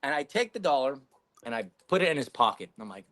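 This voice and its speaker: Profane, animated guy telling a story. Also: mid-range voice, quick pace. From Canada. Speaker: podcast guest. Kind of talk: casual storytelling.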